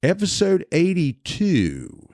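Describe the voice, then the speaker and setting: A man's voice: high voice, huge pitch swings, takes it slowly, a little mellow, dry recording, clean studio sound. A man co-hosting a crude, casual podcast, swearing and joking as he talks. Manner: profane, joking, swears often. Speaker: podcast co-host.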